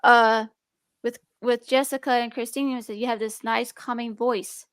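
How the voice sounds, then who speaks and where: A young woman streams a casual, rambling chat in a slightly high, steady voice at a moderate pace, her tone fairly bright and clean with no echo. She has a speech impediment, restarts herself often, and talks about being nervous and defensive.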